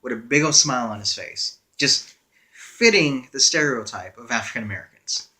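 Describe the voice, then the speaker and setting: Bright-voiced young man telling a story. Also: mid-range voice, lively intonation, normal speed. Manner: wry, conversational, with frequent "uh" fillers. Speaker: storyteller vlogger. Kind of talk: casual storytime narration.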